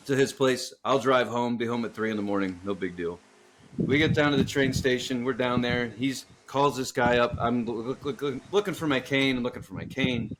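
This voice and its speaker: A man's voice: medium pitch, fairly bright tone, slight background noise. A man co-hosting a podcast, telling a long story in casual, profane chat and often breaking into laughter. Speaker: podcast co-host.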